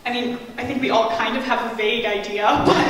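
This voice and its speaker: A woman doing stand-up comedy, telling a story in an animated way and jumping into high voices for quotes. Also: a little fast, over a noisy crowd. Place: comedy venue stage. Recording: roomy hall, distant mic, audible noise.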